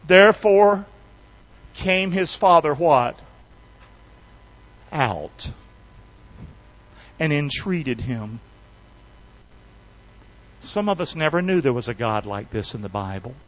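A man pastor preaching an animated sermon, drawing the congregation into call-and-response. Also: a little high, takes it slowly, long pauses. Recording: slightly dull lo-fi sound.

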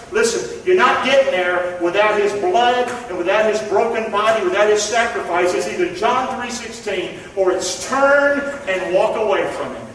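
A man's voice: sits high, a bit bright. A male pastor preaching a fervent sermon, calling on the congregation to repeat his words. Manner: fervent preaching with call-and-response. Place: church. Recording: echoey hall from far off, noisy.

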